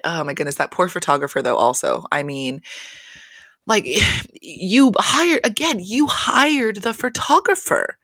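A woman's voice: sits low, fairly bright tone, dry recording, clean studio sound. A woman giving a casual, chatty recap of a reality show, swearing freely and laughing between points.

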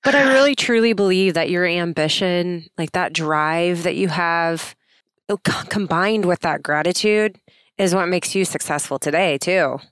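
Smooth, affirming interview host. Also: medium pitch, normal speed, fairly bright tone, no room sound, clean studio sound. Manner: encouraging, affirming. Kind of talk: casual interview.

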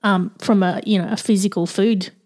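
A woman's voice: medium pitch, steady tone, normal speed, darkish tone. A woman co-hosting a casual podcast who speaks agreeably and reflectively, backing up her co-host. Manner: agreeable, reflective, many fillers and restarts.

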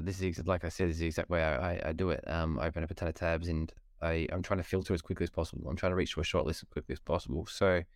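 A man hosting a podcast in casual chat, lively and prone to repeating words. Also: sits low, dry recording, clean studio sound. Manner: chatty, laughs easily, repeats words. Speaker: podcast host.

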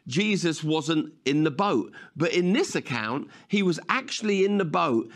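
A man pastor preaching a sermon, retelling a story in a conversational, vivid way. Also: on the high side.

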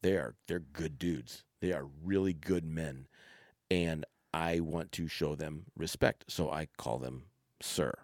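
A man's voice: a bass voice, slow pace, darkish tone, no echo, clean studio sound. A middle-aged man, a father hosting a podcast, chatting casually with his son and acting out quoted exchanges as he tells stories. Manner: storytelling, acts out quoted exchanges. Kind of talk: casual family conversation.

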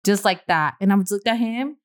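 Woman, podcast host, casual chat, blunt, swears a lot, lively storytelling. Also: medium pitch, brisk.

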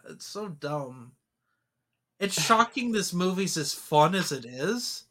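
A man co-hosting a podcast, giving opinionated, animated views in a casual film discussion. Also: sits high. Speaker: podcast co-host.

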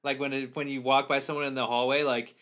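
A man's voice: medium pitch, level tone, quick pace, a bit bright. A young man co-hosting a podcast in casual chat, rambling and joking, with lots of fillers and swearing. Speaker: podcast co-host.

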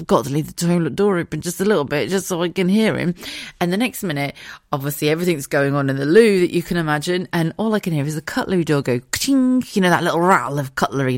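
A woman in her thirties chats through an embarrassing story, swearing freely and breaking into laughter. Her voice sits on the lower side but leaps up and down with feeling. The sound is close and dry. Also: dry recording. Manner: frank, sweary, laughs often while telling stories. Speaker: podcast host. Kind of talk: casual storytelling monologue.

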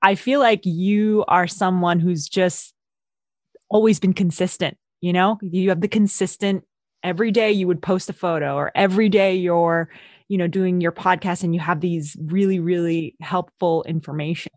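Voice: mid-range voice, fairly even intonation, moderate pace, no echo. An interviewer with a mid-range voice chats in a casual, eager way, affirming the guest and leaning on "like". The recording is dry and close. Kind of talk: casual chat.

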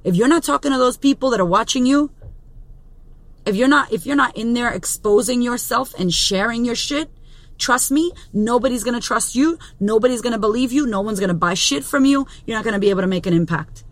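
A woman's voice: fairly high pitch, brisk. A woman in her thirties, a business coach and podcast host, delivering a blunt, profane motivational monologue with strong emphasis. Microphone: studio podcast mic.

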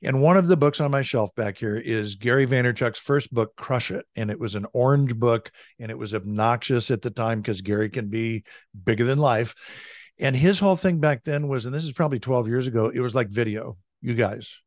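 A middle-aged male coach talks in an upbeat, conversational way, often tossing in "right?" and "like." His voice sits at an ordinary pitch and is recorded on a close studio mic in a dry home office with no room echo. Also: fairly quick. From California. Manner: energetic, conversational, frequent "like" and "right?". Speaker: leadership coach. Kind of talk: podcast interview, storytelling. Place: home office with a large bookshelf. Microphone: studio desk mic.

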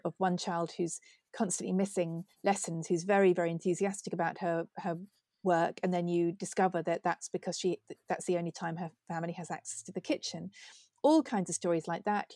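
A woman interviewer in a measured way, laying out examples before she asks her question. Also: fairly low pitch, dark tone, dry recording, studio quality.

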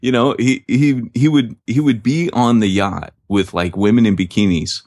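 A man's voice: lowish voice, steady tone, moderate pace, darkish tone. A man co-hosting a podcast, chatting casually and joking, slipping into silly voices. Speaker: podcast co-host.

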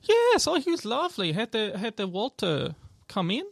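A man putting on a high, bubbly elf woman who keeps an alchemy shop. She chatters cheerfully with a gravelly edge under the lilt, recorded close and dry. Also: wildly swooping pitch, moderate pace, no room sound, heavily acted. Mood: cheery chat. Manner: chirpy and chatty, with little laughs.

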